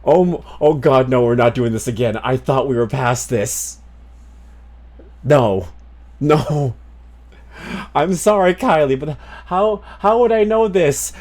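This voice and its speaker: A man who streams and does voice acting, chatting casually with his live chat, animated and laughing often as he reads and answers messages. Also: on the high side, measured pace. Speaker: streamer and voice actor.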